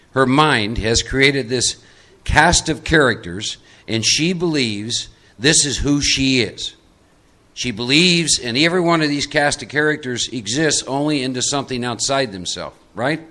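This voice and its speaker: Bright-voiced man coaching a workshop crowd. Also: medium pitch. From Texas, USA. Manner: coaching, directs audience volunteers into roles; emphatic, repeats key points. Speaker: recovery workshop speaker. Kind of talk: live workshop talk to an audience.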